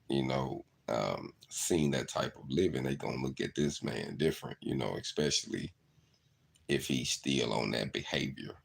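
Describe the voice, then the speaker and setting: Very deep gravelly man. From southeast Arkansas. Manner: earnest, storytelling, repeats "you know". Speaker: channel host. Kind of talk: reflective monologue.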